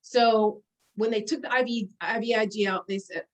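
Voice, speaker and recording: Animated storytelling woman, a bit high. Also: moderate pace, low-quality recording. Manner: animated, laughing storyteller with many fillers. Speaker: guest sharing memories. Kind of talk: casual storytelling conversation.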